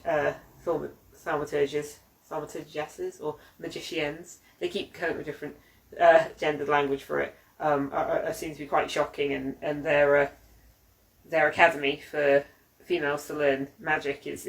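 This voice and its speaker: A woman's voice: deep voice, low-quality recording. A woman co-hosting a casual hobby chat, talking at length about a book with many fillers and restarts. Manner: rambling, lots of fillers and restarts. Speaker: podcast co-host.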